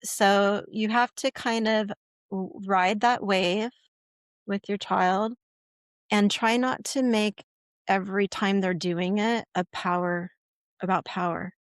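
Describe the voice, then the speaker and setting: A woman's voice: medium pitch, steady tone, takes it slowly, clear, resonant tone, dry recording. Chatty woman expert with dry sound. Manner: chatty, frequent "right?" and "okay?", acts out quoted lines. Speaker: guest expert on puberty education. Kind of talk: conversational podcast interview.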